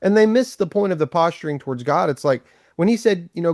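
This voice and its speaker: A man co-hosting a relaxed Bible discussion, his voice rising and falling widely as he chats. He keeps jumping into playful mock voices, and the sound is dry and close with no room echo. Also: sits high, a little fast. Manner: animated, chatty, jumps into mock voices. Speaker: podcast co-host.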